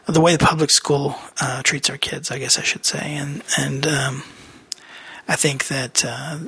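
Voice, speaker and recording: A man's voice: mid-range voice, little pitch movement, measured pace, pushed and bright, breathy edge, no room sound. A man hosting a podcast, giving a casual personal update in a rambling way with many fillers and restarts. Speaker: podcast host.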